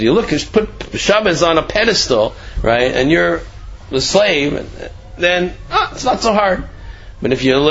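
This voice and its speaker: A man's voice: on the high side, creaky, a bit bright, lo-fi sound, slight background noise. A man teaching a Torah class in a conversational way, telling a story and acting out its characters. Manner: conversational, acts out voices in the story with laughs.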